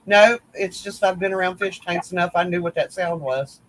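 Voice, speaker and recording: A man's voice: high-pitched, moderate pace, a bit bright, rough recording. A man telling rambling, teasing stories in a casual group chat. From West Virginia. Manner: rambling storyteller, folksy, teasing. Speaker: crochet group admin.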